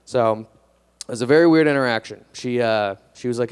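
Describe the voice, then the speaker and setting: A young male comedian talks into a stage mic in a club, deadpan and a little hesitant. His voice is smooth and clear, at a middling pitch. He pokes fun at himself with a shrugging delivery. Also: fast, hardly any pauses. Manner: deadpan, self-deprecating, hesitant with fillers. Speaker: stand-up comedian. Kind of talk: stand-up comedy set.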